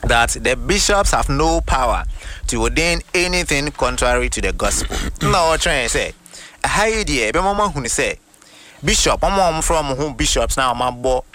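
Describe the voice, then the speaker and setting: A man with a Ghanaian accent preaching, reading quoted passages slowly and deliberately before explaining them. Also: mid-range voice, lively intonation, sharp tone, slight background noise. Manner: reads quotations slowly and deliberately, then explains. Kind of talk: sermon teaching with quoted readings.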